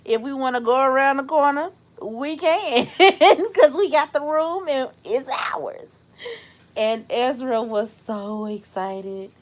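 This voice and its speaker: A young adult woman hosting a casual livestream, reflective and unhurried, thanking viewers by name and laughing often. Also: sits high. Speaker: host.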